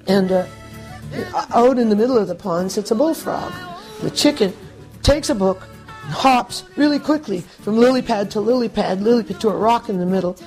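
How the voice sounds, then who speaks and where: Female interview guest, relaxed, halting, chuckling delivery. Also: mid-range voice. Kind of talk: relaxed conversation and joke-telling.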